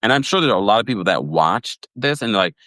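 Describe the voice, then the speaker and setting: A man hosting a livestream podcast recap, chatty and animated, laughing often and reading viewers' comments. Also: on the low side, quick pace, no echo. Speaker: podcast host recapping reality TV.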